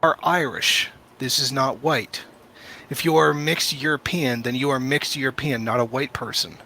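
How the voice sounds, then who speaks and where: A man's voice: mid-range voice, moderate pace, bright, forceful tone. A man in a played clip making a firm, lecturing political statement.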